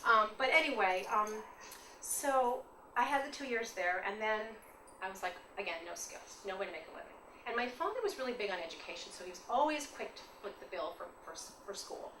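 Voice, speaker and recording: A woman's voice: mid-range voice, expressive, a little fast, pushed and bright. A woman in her fifties from New York, giving an informal artist's talk, chatty and rambling, telling stories with laughs and asides. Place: lecture room. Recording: distant, echoey, noisy room audio.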